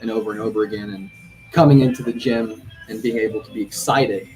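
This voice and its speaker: Low-pitched male gym coach, easygoing and reflective, clear music behind him. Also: steady tone, fast talker, poor audio. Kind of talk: casual podcast chat.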